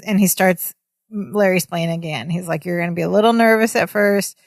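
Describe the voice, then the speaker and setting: A woman's voice: fairly low pitch, normal speed, creaky, no room sound, studio quality. A woman co-hosting a podcast, casually retelling sitcom scenes and quoting the characters. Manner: lively storytelling, quotes characters. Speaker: podcast co-host. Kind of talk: casual chat recapping a sitcom.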